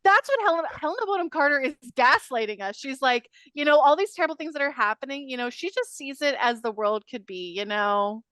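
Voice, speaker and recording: A woman co-hosting a podcast in casual chat about a film, animated and quick with laughing asides. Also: sits high, no room sound, clean studio sound. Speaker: podcast co-host.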